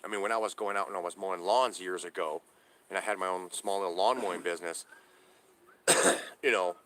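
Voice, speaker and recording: A middle-aged man talks straight into a handheld camera from inside his trailer, his voice sitting a little low. He rants in a bitter, profane way, stumbling and circling back over his words. It sounds like a casual off-the-cuff vlog. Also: a little fast, fairly bright tone. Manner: profane, aggrieved ranting with many restarts. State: homeless, living in a trailer. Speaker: vlogger. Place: inside a parked trailer on a hot day.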